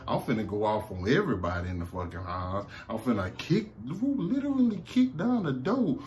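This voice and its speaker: Excitable profane Southern man. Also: medium pitch, brisk, slight background noise. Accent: Southern American. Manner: animated, profane, excitable, laughs often. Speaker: TV review vlogger. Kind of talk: casual excited recap. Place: at home, slumped low in a seat.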